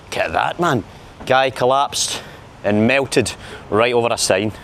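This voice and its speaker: A man's voice: mid-range voice, a little slow, vocal fry, fairly bright tone, a little hiss or hum. Chatty Glaswegian man walking city streets. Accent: Glaswegian Scottish. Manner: chatty, jokey, talking to viewers. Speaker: vlogger. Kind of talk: casual walking vlog chat. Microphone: handheld camera while walking.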